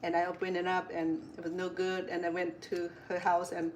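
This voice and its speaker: A middle-aged woman chef talks through a casual cooking demonstration in a fairly low, monotone voice, speaking briskly over slight background noise. She's chatty and rambling, drifting into stories and correcting herself mid-sentence.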